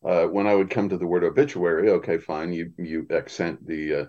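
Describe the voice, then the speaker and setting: Deep-voiced man telling studio stories. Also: a little fast, dull audio. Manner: animated anecdotes with acted quotes. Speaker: audiobook narrator. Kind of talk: storytelling in a podcast chat.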